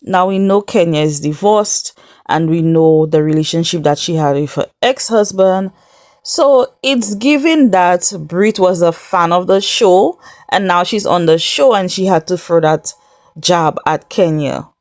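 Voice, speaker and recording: A woman's voice: lowish voice, a little slow, darkish tone, dry recording, clean studio sound. A woman giving a casual recap of a reality show, chatty and incredulous, laughing often as she tells it. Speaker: recap vlogger.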